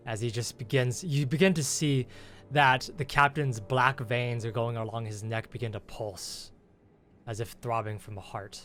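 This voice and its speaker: A man's voice: mid-range voice, steady tone, moderate pace, a bit bright. A young man, the game master, narrating a tabletop game in a casual storytelling way, with lots of 'kind of' and 'just'.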